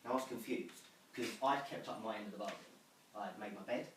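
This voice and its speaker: A young man telling self-mocking comic stories to a small audience in a living room, animated and lively. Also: fairly low pitch, fast talker, distant mic. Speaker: storyteller. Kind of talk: comic storytelling to a home audience. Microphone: far camera. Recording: roomy room from afar, faint noise.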